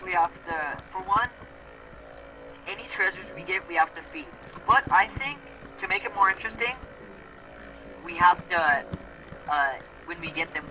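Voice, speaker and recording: Excitable young man with the hiccups. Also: fairly high pitch, slight background noise, poor audio. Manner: joking, excitable, blurts out game finds. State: has the hiccups. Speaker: gaming video co-host. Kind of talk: casual gameplay chat.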